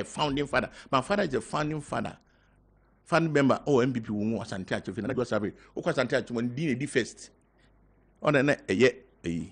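An older man with a Ghanaian accent, talking as a guest on a talk show, halting and mixing in local words. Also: medium pitch, vocal fry, slightly rough. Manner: halting, mixing in local words, growing loud when telling a story. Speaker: guest party member. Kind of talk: casual talk show interview.

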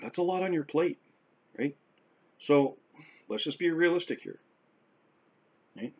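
A man who survived a stroke talks candidly about it, often pausing, restarting and checking in with "right?". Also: on the high side, husky. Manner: conversational, tags sentences with "right?"; halting, with restarts and pauses. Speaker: stroke survivor sharing his experience. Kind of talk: unscripted talk to camera. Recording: slightly dull lo-fi audio.

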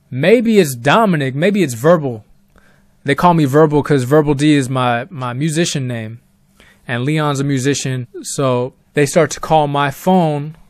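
A man's voice: a little high, no echo, studio quality. A young man telling a true story in a laid-back, rambling way with casual slang.

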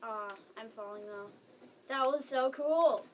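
Woman gamer, casual let's-play chat, excitable, high voice, noisy track. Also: unhurried, distant mic. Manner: excitable, chatty, squeals and exclaims often. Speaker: gamer playing with a friend.

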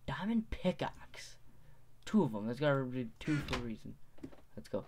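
A man's voice: mid-range voice, very animated, moderate pace, background noise. Rambling teenage boy gaming. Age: teens. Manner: rambling, self-correcting, mutters to himself. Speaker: gaming video host. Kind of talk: gameplay commentary.

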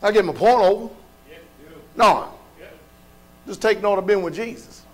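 High-voiced man preaching a folksy sermon. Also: measured pace. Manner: preaching with rhetorical questions, rising to shouts; colloquial, folksy delivery. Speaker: pastor.

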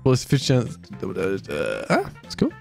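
A man with an Irish accent hosting a casual gaming session with friends, excitable and slangy, laughing often and calling everyone mate. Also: sits low, a little slow, creaky, faint music behind. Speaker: gaming video host.

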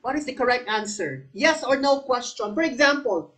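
In this poor-quality recording, a Filipino woman with a slightly high, animated, somewhat bright voice runs a live exam review at a normal pace. She quizzes viewers, repeats every question, and calls on people by name, moving between English and Tagalog.

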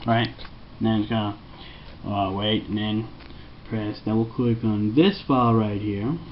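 A man's voice: lowish voice, steady tone, a little slow, a little hiss or hum. Rambling man giving a lo-fi tutorial. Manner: rambling, joking, mock voices for the computer. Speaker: tech tutorial maker. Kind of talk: casual screen tutorial. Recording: dull lo-fi home recording with faint music.

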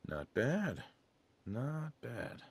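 A man's voice: mid-range voice, sing-song, very slow, creaky, husky, heavily acted. An actor voicing a self-satisfied young husband in a video game who is playfully pleased with his own looks. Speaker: game character.

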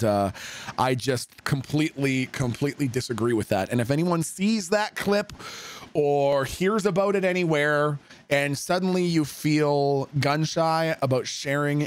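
A man livestreaming and chatting casually with viewers, swearing freely and swinging between heated rants and soft, supportive asides. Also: medium pitch. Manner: profane, emphatic, swings from ranting to soft. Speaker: livestreamer reading chat.

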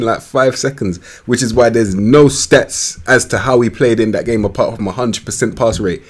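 A young man doing casual game commentary, slangy and rambling, with bursts of excitement. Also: medium pitch, moderate pace, hardly any pauses, slightly rough. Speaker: gaming YouTuber. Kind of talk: casual commentary over a football management game.

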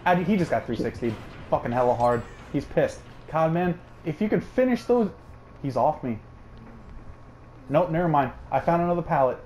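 A man narrates his game while he plays, swearing freely. His voice jumps from low muttering to high, cracking yells. A faint hiss sits under the recording. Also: moderate pace. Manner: swings between calm mumbling and high squealing yells. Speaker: gamer streaming with a friend. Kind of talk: excited gaming commentary with swearing.

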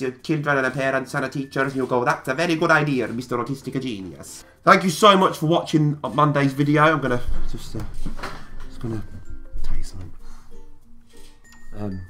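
A man's voice: lowish voice, vocal fry. A man talking straight to camera in a casual vlog, emphatic and repeating phrases to drive his point home. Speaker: YouTuber.

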